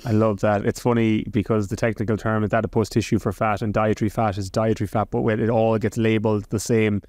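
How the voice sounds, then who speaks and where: A middle-aged man hosts a podcast conversation, speaking quickly with a warm, mellow tone. His voice sounds close and dry, and he keeps affirming his guest's points emphatically. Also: on the low side, little pitch movement, dry recording. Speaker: podcast host, fitness coach.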